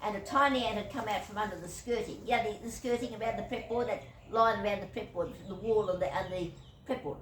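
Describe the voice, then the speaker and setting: A woman's voice: medium pitch, quick pace. Chuckly older Australian woman, echoey room. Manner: chuckling, digressive, whimsical. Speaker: YouTuber. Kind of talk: rambling storytelling monologue. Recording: echoey room, distant mic, faint hiss.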